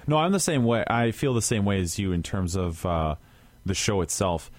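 A man's voice: fairly low pitch, sing-song, moderate pace, no room sound. A man hosting a podcast, asking loose, rambling questions in a casual chat about a TV show. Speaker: podcast host.

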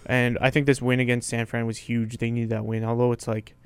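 A man's voice: medium pitch, brisk, smooth, no echo. A man co-hosting a casual sports podcast, talking baseball and now and then breaking into joking mock voices. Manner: animated, breaks into mock New York voices. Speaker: podcast co-host.

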